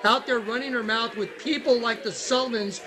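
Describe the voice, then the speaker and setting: A man's voice: extremely high pitch, fairly even intonation, moderate pace, crowd noise, noisy background. A man hosting a livestream, ranting in an agitated, accusatory way and repeating himself. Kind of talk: heated livestream rant.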